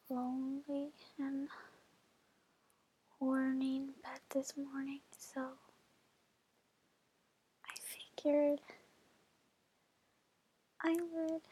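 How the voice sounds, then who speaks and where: A young woman murmurs through a whispered role-play in a high, airy voice, letting each phrase stretch out with unhurried slowness. Soft sighs fill the pauses, and there is a slight morning roughness to her tone. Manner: breathy and slow, with frequent sighs. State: slightly rough voice, just woke up.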